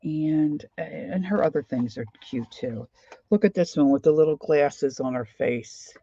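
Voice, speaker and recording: A woman's voice: sits low, a little slow, mellow, husky, no room sound, lo-fi sound. An older woman with a Philadelphia accent, chatting casually on a craft livestream and greeting viewers by name. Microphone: desk microphone.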